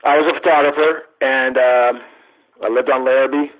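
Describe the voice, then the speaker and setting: A man's voice: mid-range voice, fairly even intonation, normal speed, a little hiss or hum. A man in his fifties, a guest photographer, telling old stories in a rambling way. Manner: rambling, unsure recollection. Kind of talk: casual storytelling. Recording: tinny phone line.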